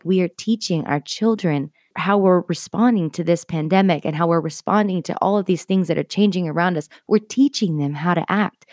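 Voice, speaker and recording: A woman's voice: on the low side, a little mellow, no room sound, clean studio sound. A woman in her thirties hosting a podcast, giving an earnest, heartfelt talk of faith-based encouragement with casual asides. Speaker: podcast host.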